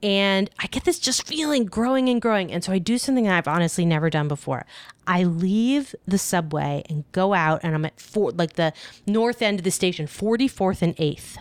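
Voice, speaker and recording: A woman telling a personal story in a casual, animated way, full of "like" and jumping up in pitch when she quotes people. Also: moderate pace, no echo. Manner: conversational, with many fillers like "like". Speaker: podcast storyteller.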